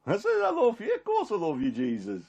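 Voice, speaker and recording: A man plays Peter, a homely, warm-hearted fisherman, telling his story in a rambling, chuckling way. The voice sits a little high for a man and stays unpolished and everyday. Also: expressive, unhurried, lo-fi sound. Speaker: performer in a one-man Bible drama. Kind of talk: dramatic character monologue.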